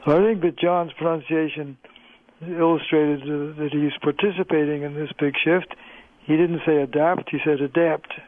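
An older man, a linguistics professor, speaks as a radio guest in a measured, explanatory way. His voice comes through a tinny phone line and sits a little high. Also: steady tone, dry recording. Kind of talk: radio interview.

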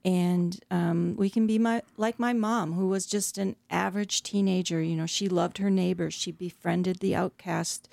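A woman's voice: fairly low pitch, steady tone, normal speed, creaky, hardly any pauses, dry recording. A middle-aged woman, an author, talking earnestly as a guest in a radio interview with frequent hesitations. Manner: warm, earnest storytelling with hesitations.

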